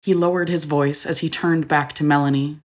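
Female narrator for audio fiction, low register, steady expressive reading. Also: moderate pace. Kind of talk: scripted story narration.

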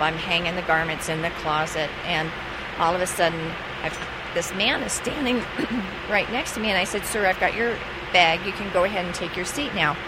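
Woman, flight attendant, lively storyteller, acts out dialogue, lowish voice, traffic noise behind. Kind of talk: anecdote told in an interview.

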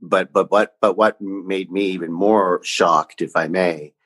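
A man co-hosting a casual chat, jokey and animated, with playful interjections. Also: sits low, unhurried. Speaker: podcast co-host.

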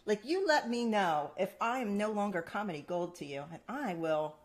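A woman with a medium-pitched voice and moderate pace co-hosts a casual chat show, where she teases her partner and tells stories with animated energy and laughter.

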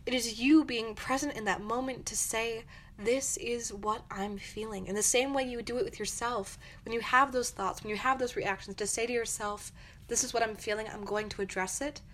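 A young podcast host talks a little fast in a somewhat high, fairly bright voice with fairly even intonation. Her reflective monologue gives earnest, encouraging advice, and she acts out angry quotes.

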